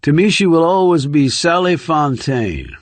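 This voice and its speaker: A man's voice: fairly high pitch, sing-song, dry recording, pitched above the performer's own voice. A man doing a cold, sneering interrogator. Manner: formal, slow, condescending. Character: menacing middle-aged male interrogator, cold and sneering.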